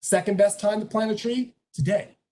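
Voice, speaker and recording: A speaker at a career meetup giving an animated motivational talk and retelling a story with acted voices. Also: mid-range voice, moderate pace, slight background noise.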